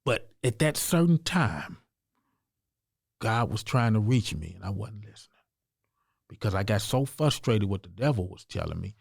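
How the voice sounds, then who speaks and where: A man's voice: fairly low pitch, sing-song, moderate pace, gravelly, long pauses, slightly rough, dry recording, studio quality. A man from the United States, a podcast guest, telling his own story in an earnest, emphatic, conversational way. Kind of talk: personal storytelling in an interview.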